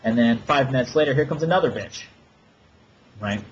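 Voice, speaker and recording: A man of mid pitch rambles through a story with crude, sarcastic asides. The audio is dull and lo-fi with a faint hiss under it. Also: moderate pace. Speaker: podcast co-host. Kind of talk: casual ranting storytelling.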